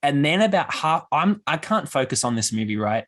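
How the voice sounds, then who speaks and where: A young man, hosting a casual podcast chat and retelling stories with lively quoted voices. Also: a little high, normal speed. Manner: animated storyteller, acts out quoted voices. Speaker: podcast host.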